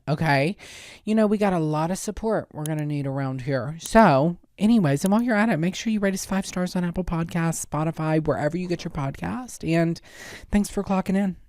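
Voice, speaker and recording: A woman's voice: on the low side, animated, fairly quick, a little mellow, no room sound, clean studio sound. A woman podcast host delivering a casual, sassy comedic monologue with exaggerated rants.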